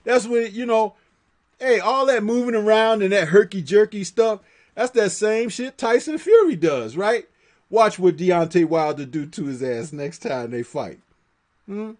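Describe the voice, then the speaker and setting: A man with a high-pitched voice hosts a live boxing chat stream. He talks in an animated, profane way and laughs often. He reads viewer comments aloud between his takes. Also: measured pace. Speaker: boxing talk host.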